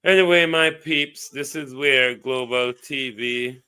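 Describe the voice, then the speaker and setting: On a phone or computer mic, a livestream host with a Jamaican accent chats loosely, welcoming viewers by name and reading out a number to contact. He has a medium-pitched, smooth voice with a sharp tone and takes things slowly.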